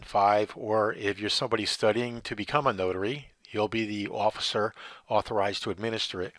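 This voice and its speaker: A man with a low-set, bright, forceful voice, recorded dry with no room sound. He teaches notary procedure step by step and keeps checking that his listeners follow him. He asks a question, then answers it himself. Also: dry recording. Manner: explanatory, asks rhetorical questions and answers them. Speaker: notary instructor. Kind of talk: instructional explanation.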